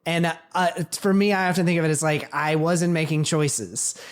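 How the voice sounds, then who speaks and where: A man's voice: on the high side, steady tone, normal speed, clean tone. Reflective man co-hosting a podcast. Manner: reflective, thinking aloud. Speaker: podcast co-host. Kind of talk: casual podcast chat.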